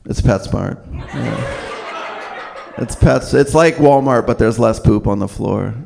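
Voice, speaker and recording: Male stand-up, gravelly, deadpan storyteller, live club set on a stage mic. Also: mid-range voice, takes it slowly, noisy background. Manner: deadpan storytelling, swears, acts out other voices. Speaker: stand-up comedian. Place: comedy club stage before a live audience.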